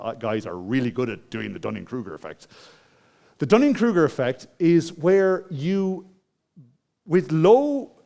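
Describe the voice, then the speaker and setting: A man's voice: medium pitch, darkish tone. A man with an Irish accent giving a conversational conference talk, asking the audience questions and telling a personal story. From Ireland. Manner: conversational, asks the audience questions, many restarts. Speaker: conference speaker. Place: conference hall.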